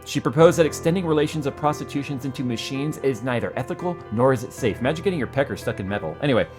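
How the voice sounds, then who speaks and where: Lively joking guy cohosting a tech chat, voice all over the place, faint music behind. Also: medium pitch, very fast. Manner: joking, animated, with playful dramatic readings. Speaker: co-host. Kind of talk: casual tech podcast chat.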